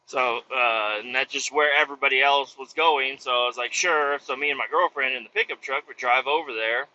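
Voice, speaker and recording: A man telling a casual story on his podcast, animated and swearing, acting out the voices of the people in it. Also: medium pitch, a little fast, lo-fi sound. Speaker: podcast host.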